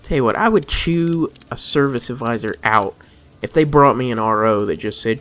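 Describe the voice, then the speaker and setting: A man talks through a game session with wry exasperation, half muttering to himself. His pitch swings widely, and faint music plays behind him. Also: animated, moderate pace, a bit bright. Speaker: gameplay commentator. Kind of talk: let's play commentary.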